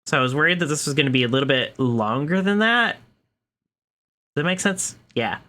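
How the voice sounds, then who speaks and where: Young woman, streamer, casual chat, excitable, bright voice. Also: low-pitched, fairly quick. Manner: chatty, excitable, talks to her cat.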